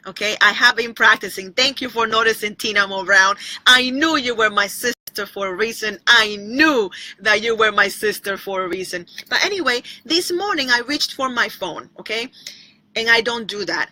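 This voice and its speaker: Her voice is fairly high with a sharp edge, captured in a low-quality recording without echo. She addresses online viewers by name during a chatty, repetitive devotional livestream meant to inspire, sometimes breaking into brief snatches of song.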